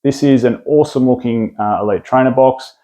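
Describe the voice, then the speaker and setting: An Australian man talks through his product picks in a casual, rambling way, often restarting his sentences. His voice is mellow and relaxed, pitched in a middle range for a man. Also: fairly quick. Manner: rambling, enthusiastic, lots of restarts and fillers. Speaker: card collecting video host.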